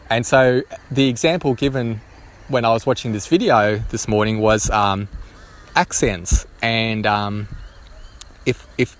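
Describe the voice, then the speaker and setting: A man vlogging his spontaneous musings, talking hesitantly with many restarts and ums. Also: medium pitch.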